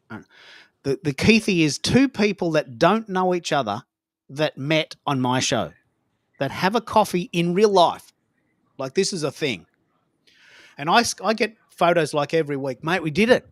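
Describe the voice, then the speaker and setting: Australian man, casual host, animated storyteller, lively swooping pitch, dry close sound. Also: dry recording. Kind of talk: casual live-stream chat.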